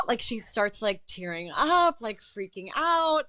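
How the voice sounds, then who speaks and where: A woman's voice: mid-range voice, measured pace, few pauses, no echo, studio quality. A young woman, an artist and writer, guest in a casual interview, telling a story animatedly with lots of "like" and acted-out quotes. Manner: animated, heavy use of "like", acts out quotes.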